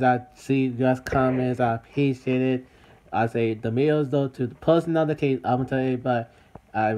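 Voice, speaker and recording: A man's voice: medium pitch, darkish tone. A man talking in a casual vlog to his viewers, repeating himself and calling out to everybody. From United States. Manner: repetitive, addresses viewers as everybody. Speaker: vlogger. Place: city.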